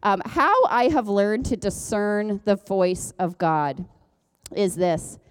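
A woman's voice: mid-range voice, expressive, slow pace, smooth. A woman pastor giving a conversational sermon, chatty and self-deprecating, joking as she goes. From Ontario, Canada. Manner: chatty, self-deprecating, jokes and laughs often.

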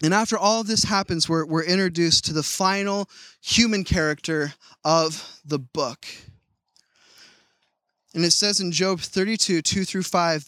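A man's voice: high voice, a little slow, pushed and bright, no echo. A man preaching a sermon in a conversational way, often restarting his words. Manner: conversational, frequent stammered restarts. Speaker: pastor.

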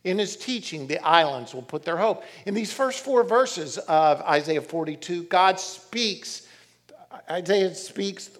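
Middle-aged male preacher, slightly high-pitched, animated storyteller. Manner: animated storytelling, reads scripture aloud. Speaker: pastor. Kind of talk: sermon.

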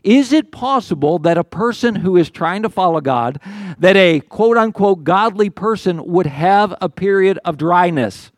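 An older man preaches in an earnest, conversational way, stumbling and restarting as he works through his points. His voice sits high for a man, and the sound is dry and close with almost no room around it. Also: expressive, normal speed, no echo. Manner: conversational, earnest, with many restarts and acted quotes of the psalmist. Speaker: pastor. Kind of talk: sermon.

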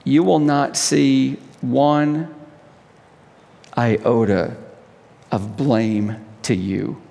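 A male pastor leading communion with an impassioned sermon, swelling to high cries and dropping to hushed tones. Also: fairly even intonation, extremely slow, creaky, long reverb tail.

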